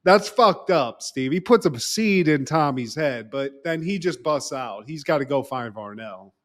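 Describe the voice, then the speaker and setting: A man's voice: on the high side, a little slow. A man co-hosting a podcast, casually recapping an episode and acting out the characters' lines with salty language. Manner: animated, acts out quoted lines with profanity. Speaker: podcast co-host.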